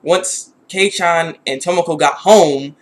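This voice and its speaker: Male reviewer with a high voice. Rambling, casual, frustrated delivery. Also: slow pace. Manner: rambling, many restarts and "like"; exasperated. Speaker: anime reviewer.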